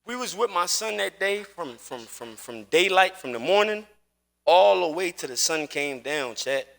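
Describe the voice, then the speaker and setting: A man's voice: high-pitched, lively intonation, a little slow, creaky, fairly bright tone. A man streaming live, telling a personal story in casual chat while gaming, emphatic and repetitive, swearing oaths as he goes.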